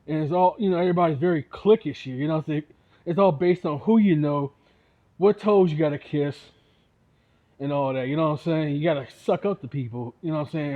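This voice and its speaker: Angry man ranting, tinny phone sound. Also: fairly high pitch. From Toledo, Ohio. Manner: heated, repetitive, peppered with 'you know what I'm saying'. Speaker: independent musician. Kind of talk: angry rant to camera.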